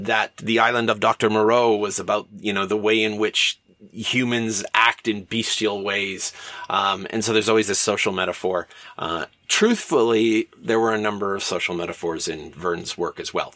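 A man's voice: lowish voice, bright, forceful tone, no room sound. A man giving a casual lecture in a chatty, digressive way, full of fillers and asides.

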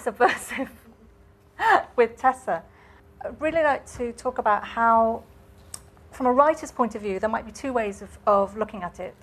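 A woman moderating a panel discussion, thoughtful and a little hesitant, laughing easily. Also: fairly high pitch. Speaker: event moderator.

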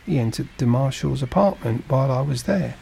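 A man's voice: mid-range voice, animated, a little fast, vocal fry, mellow, a little hiss or hum, voice pushed up. A man narrating a storybook and voicing a polite, earnest young ship's mate.

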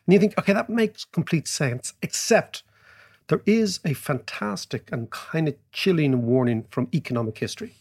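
Man, fairly high voice, animated, laughing storyteller, casual podcast chat. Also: moderate pace. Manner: animated, laughs through his stories. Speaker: podcast co-host.

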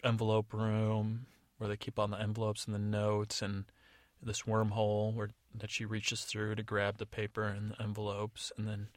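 A man's voice: on the low side, monotone, moderate pace, few pauses, no echo. A man from the United States improvising a story in a casual, rambling, digressive way. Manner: rambling, digressive, many fillers. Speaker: podcast storyteller.

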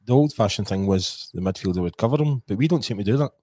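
Scottish host, rapid chatty delivery, low voice, dry sound. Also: male voice, expressive, dark tone, slightly rough, no echo. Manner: chatty, quick asides. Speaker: podcast host. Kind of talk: casual podcast chat.

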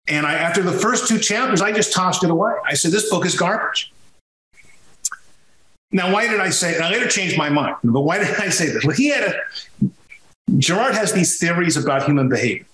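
A man's voice: a little high, expressive, a little fast, sharp tone, reverberant, rough recording. A man from Sicily talking as a podcast guest, telling his story emphatically with frequent restarts. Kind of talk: conversational podcast interview.

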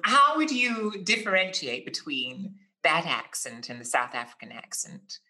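A man's voice: a little high, lively intonation, unhurried, pushed and bright, poor audio. A man hosting a chat show, flamboyant and fond of ornate, elaborate words. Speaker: host. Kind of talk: casual chat.

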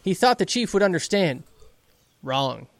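A man co-hosting a podcast, recapping an anime episode in loose, profane chat and acting out quick lines from the characters. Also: high voice, sing-song, no room sound. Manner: loose, swears freely, narrates the plot with quick mock quotes.

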